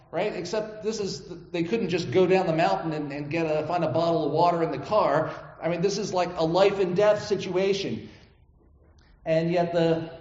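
A pastor with a high-pitched voice delivers his sermon in a relaxed, conversational way, often tossing in "right?" to check on listeners. The space echoes, and the audio comes across slightly dull.

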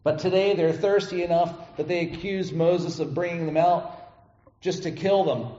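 A man's voice: fairly high pitch, fairly even intonation, moderate pace, warm tone. A man preaching a sermon in a conversational way who often checks in with the listeners by asking "right?". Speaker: pastor. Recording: echoey room, slightly dull sound.

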